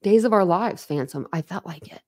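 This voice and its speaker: A woman's voice: on the low side, fairly quick, darkish tone. A woman hosting a casual livestream, rambling candidly to her chat, laughing often and poking fun at herself. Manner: laughs often, self-deprecating. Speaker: livestream host.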